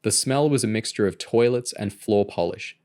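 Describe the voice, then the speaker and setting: Male audiobook narrator, lowish, steady and even. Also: normal speed. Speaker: audiobook reader.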